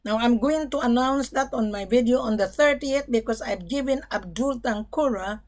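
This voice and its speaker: Middle-aged lady broker ranting to camera, blunt and emphatic, kinda high voice, says bloody a lot. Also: moderate pace, darkish tone. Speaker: gold broker. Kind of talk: direct-to-camera monologue.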